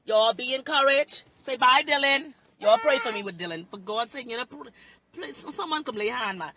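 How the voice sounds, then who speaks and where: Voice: high-pitched, animated, moderate pace, pushed and bright, a little hiss or hum. A pastor preaching on a phone livestream, emphatic and repetitive, with heavy dialect.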